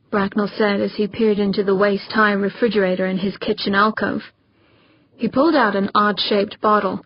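Brief: woman audiobook narrator, mid-pitched, steady, dry and slightly dull audio. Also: normal speed, no room sound. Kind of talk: scripted narration.

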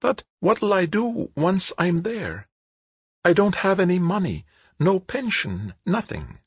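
A man's voice: high-pitched, very animated, slow pace, husky, dry recording, voice pushed up, heavily acted. A man doing a frail elderly woman. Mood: worried.

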